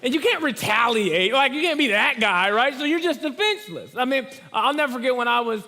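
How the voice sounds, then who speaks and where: Young male pastor, high bright voice, lively storyteller, church hall reverb. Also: fairly quick. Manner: animated storytelling, acts out quoted voices. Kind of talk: sermon. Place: church auditorium.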